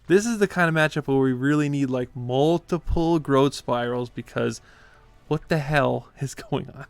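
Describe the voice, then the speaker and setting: A man who creates gaming content narrates his card game live, chatting away, getting flustered easily and often laughing. He speaks at a normal speed in a smooth, mid-range voice with some vocal fry, and there's no room sound.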